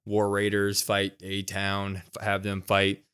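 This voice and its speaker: A young man co-hosting a podcast, recapping a wrestling episode in casual, animated chat. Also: on the low side, takes it slowly, smooth. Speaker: podcast co-host.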